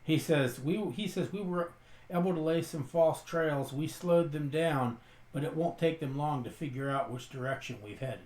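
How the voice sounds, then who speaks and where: In an echoey room with faint noise, a tabletop player tells his character's story, voicing the character's lines as he describes what the character does and says. His voice is fairly high for a man, a little mellow, and moves at normal speed.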